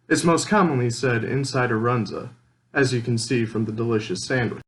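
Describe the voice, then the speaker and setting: A young college man from Nebraska talks in a Midwestern accent with a strong Minnesotan lean. His scripted narration is relaxed and plainspoken, in a voice of middling pitch. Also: rough recording. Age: young adult. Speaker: college student.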